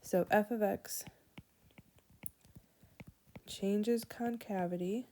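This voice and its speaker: A woman teacher giving a whiteboard math lesson, walking through each step slowly and aloud. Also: medium pitch, steady tone, warm tone, slight background noise. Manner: slow, deliberate, walks through steps aloud. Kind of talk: whiteboard lesson explaining calculus.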